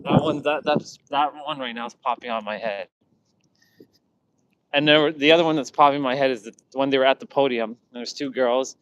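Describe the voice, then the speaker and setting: A man's voice: medium pitch, brisk, fairly bright tone, smooth, dull audio. Guy rambling thru a funny story, lots of restarts, does little voices for people. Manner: rambling, many restarts, acts out quotes. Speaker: vlogger. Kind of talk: casual storytelling.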